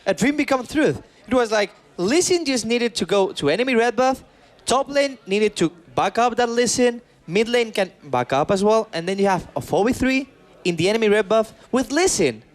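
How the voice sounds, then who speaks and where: A male esports analyst talking through strategy at a desk, excitable and repeating himself as he goes. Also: sits high, moderate pace. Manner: excitable, repeats words, non-native English phrasing.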